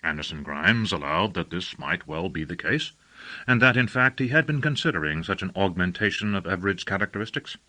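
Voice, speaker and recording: A male audiobook narrator with a lower voice and a bright, forward tone. He reads in a measured, storytelling manner. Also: animated. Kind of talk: scripted narration.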